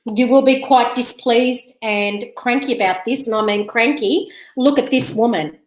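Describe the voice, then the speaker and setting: A woman's voice: a little high, moderate pace, reverberant, low-quality recording. A woman hosting a live psychic reading, chatty and giggly, calling viewers love and darling.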